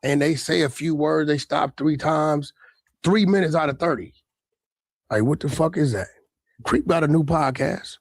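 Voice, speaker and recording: A man co-hosts a podcast in loose, slangy, profane chat. His voice sits a little high, and the recording is dry and close. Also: normal speed, creaky, no room sound. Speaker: podcast co-host.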